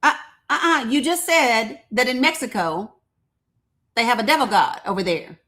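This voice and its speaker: A woman with a fairly high voice hosts a live stream in casual debate. She is teasing and skeptical, laughing often. She presses her caller with the same pointed questions again and again. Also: very animated, moderate pace, pushed and bright. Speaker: livestream host.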